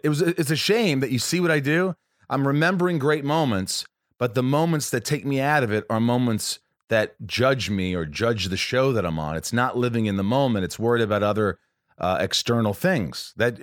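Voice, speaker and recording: A man's voice: medium pitch, moderate pace, dry recording, studio quality. A middle-aged Canadian-born man, a podcast guest, telling jokey stories in casual chat. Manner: animated storyteller, jokey.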